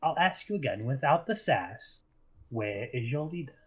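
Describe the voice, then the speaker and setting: A man's voice: medium pitch, lively intonation, moderate pace, slightly rough. A man voicing a polite but cruel male wizard who questions a prisoner with cold courtesy. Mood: menacing. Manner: courteous, coldly menacing.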